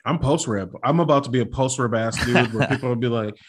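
A man's voice: mid-range voice, fast talker, slightly rough. A young man co-hosting a podcast in casual comedic chat, joking and slipping into silly voices. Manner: jokey, slips into silly put-on voices. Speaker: podcast co-host.

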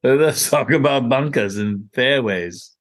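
A man's voice: medium pitch, slow pace, fairly bright tone. Teasing, laughing man from Virginia. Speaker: podcast host. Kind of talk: casual chat.

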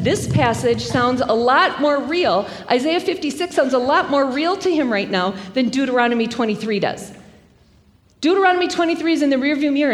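A woman preaching a sermon, telling the story in a lively, conversational way with self-deprecating asides. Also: high-pitched. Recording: long hall reverb.

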